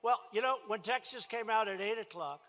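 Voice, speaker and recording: A man's voice: sits high, fairly quick, bright, forceful tone. A man giving a campaign rally speech in a large indoor venue, talking emphatically and repeating his phrases for punch. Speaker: politician addressing a rally.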